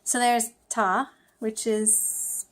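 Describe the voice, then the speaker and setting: A woman's voice: a little high, little pitch movement, very slow. Chatty woman vlogging her study session. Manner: chatty, self-deprecating, thinking aloud with fillers. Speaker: language-learning vlogger. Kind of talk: casual study vlog.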